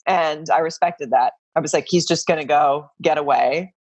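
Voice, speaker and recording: A woman's voice: sits low, moderate pace, dry recording. A middle-aged woman from Arkansas, chatting as a podcast guest in a self-deprecating way, with many trailing restarts. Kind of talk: casual podcast chat.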